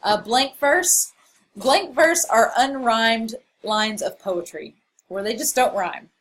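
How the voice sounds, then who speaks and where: A woman's voice: fairly high pitch, slow pace, a bit bright, a little hiss or hum, poor audio. A woman college English instructor giving a recorded lecture over slides, explaining in a casual way with frequent fillers.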